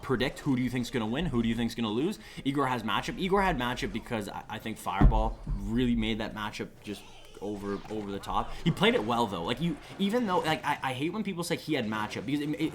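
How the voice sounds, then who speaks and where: A man giving live esports commentary on a stream, excitable and rambling, often restarting his sentences. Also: mid-range voice. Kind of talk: live esports commentary with chat shout-outs.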